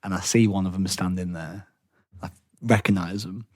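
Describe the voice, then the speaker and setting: A man co-hosting a podcast, telling stories in casual chat, lively and swearing freely. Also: deep voice, normal speed. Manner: animated, swears freely, acts out quotes. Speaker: podcast co-host.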